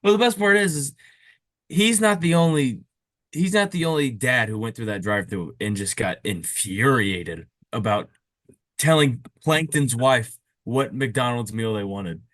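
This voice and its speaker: Young male co-host, wry casual banter, mid pitch. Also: a little slow, fairly bright tone, no echo. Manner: wry, jokey asides. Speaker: podcast co-host. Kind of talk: casual comedic chat. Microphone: video call.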